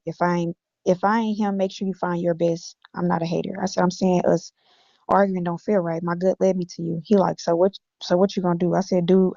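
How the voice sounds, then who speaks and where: Woman, from Illinois, blunt, profane, reading texts out, flat delivery, dry and muffled sound. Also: on the low side, no room sound. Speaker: guest recounting text messages. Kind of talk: reading text messages aloud on a stream. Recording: dull lo-fi audio.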